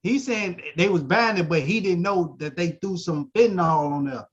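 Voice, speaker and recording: A man's voice: high voice, moderate pace, highs cut off. A man co-hosting a podcast, teasing the others in slangy banter. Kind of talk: casual podcast chat.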